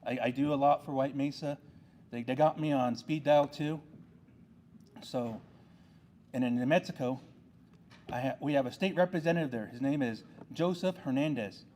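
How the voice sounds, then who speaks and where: A man's voice: mid-range voice, moderate pace, pauses often, darkish tone, slight background noise. A man serving on a tribal council, giving an earnest ceremony speech with a repetitive, rallying delivery.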